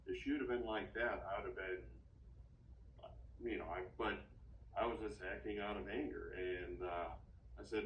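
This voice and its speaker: Man, very low voice, rambling, halting, distant mic, echoey room with faint ambience. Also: steady tone, a bit bright, a little hiss or hum. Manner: halting and rambling, restarts often. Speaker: therapy client. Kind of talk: casual session talk.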